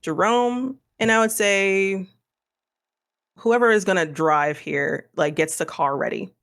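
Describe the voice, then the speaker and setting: A man's voice: high-pitched, fairly even intonation, slow, gravelly, fairly bright tone. A man with a Missouri accent, narrating a tabletop horror game as game master in a casual, rambling way. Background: faint music.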